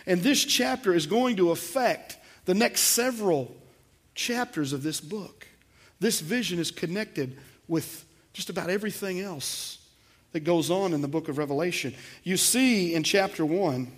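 Male pastor, slightly high-pitched, emphatic sermon delivery. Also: measured pace. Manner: emphatic preaching with swells in volume, repeats words.

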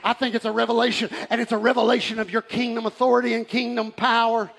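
A man preaching a fervent sermon. He often shouts and laughs as he preaches. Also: very high-pitched, flat delivery, fast talker, vocal fry, a little hiss or hum. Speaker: pastor. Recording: live church hall with reverb and faint crowd.

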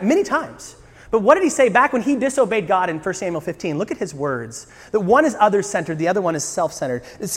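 A male pastor preaching a sermon with a fairly high voice that carries a long reverb through the church hall. His manner is earnest, swelling into emphatic bursts and rhetorical questions aimed at the congregation. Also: husky. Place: church sanctuary.

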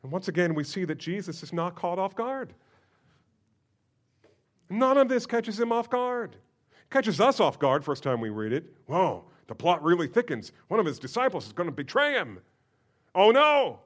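A man preaching a sermon, expressive and emphatic, moving from quiet explanation to loud, impassioned emphasis. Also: high-pitched, normal speed. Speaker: pastor.

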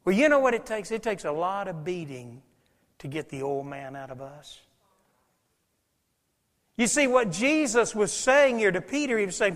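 A man preaching a sermon, telling stories animatedly and swinging from loud passages to hushed ones. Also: sits high, sing-song, normal speed, long pauses. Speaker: pastor. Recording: long hall reverb.

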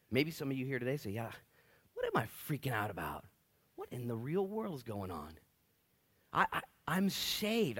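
A man in his late thirties preaching a sermon, telling stories and acting out quotes with big swings between loud and quiet. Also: on the low side. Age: 30s. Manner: animated storytelling, big swings in loudness, acts out quotes. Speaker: pastor.

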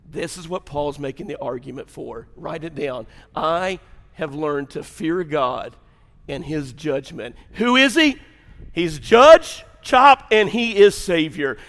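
A man preaching a sermon as pastor, swinging from loud shouts down to hushed near-whispers and laughing at his own jokes. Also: medium pitch, gravelly. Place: church sanctuary. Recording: long hall reverb.

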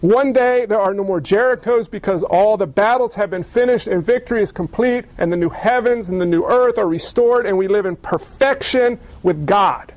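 A pastor with a high, light male voice delivers a sermon in an easygoing, emphatic way, slipping in playful asides. The sound is dry and close, with no room echo. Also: normal speed, few pauses, a little mellow.

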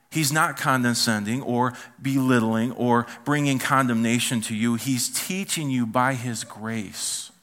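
Male pastor, bright and somewhat high voice, lively sermon delivery with sudden soft asides. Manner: animated preaching, acts out quoted voices, drops to quiet asides.

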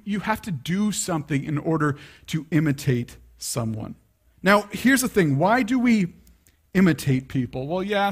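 Young male pastor, slightly high voice, chatty sermon delivery with restarts. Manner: conversational, many restarts and asides.

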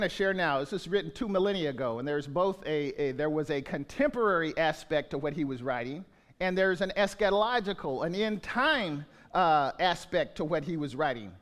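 A man's voice: high voice, a bit bright. A man in his sixties, a pastor, preaching a conversational sermon full of restarts and repeated words. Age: 60s.

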